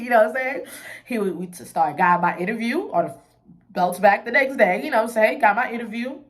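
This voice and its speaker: A young woman telling a personal story in a casual vlog, candid and emotional, full of slang and asides to her viewers. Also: fairly high pitch. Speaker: vlogger.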